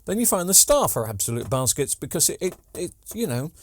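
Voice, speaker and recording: A man's voice: on the high side, big pitch swings, fairly quick. A man, rambling casually through a TV repair vlog with joking asides and lots of ums. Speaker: TV repair vlogger. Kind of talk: casual chatty workshop vlog.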